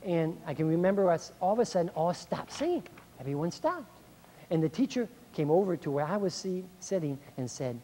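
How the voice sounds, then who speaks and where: A man's voice: high-pitched, a little fast, slight background noise. A middle-aged man giving a motivational speech to school staff, acting out complaints in a raised voice. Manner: animated, acts out complaints in a raised voice. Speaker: speaker. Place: speech hall, recorded 1990.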